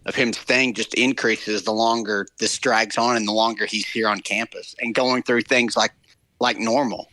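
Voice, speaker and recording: A man on sports talk radio, speaking haltingly with frequent restarts. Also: fairly low pitch, steady tone, pushed and bright, dry recording.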